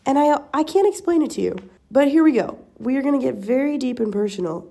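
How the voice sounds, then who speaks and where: Rambling young woman with a mellow voice. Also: high voice, expressive, quick pace, creaky. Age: young adult. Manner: rambling, self-deprecating, laughs often. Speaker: podcast host. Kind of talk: casual chat.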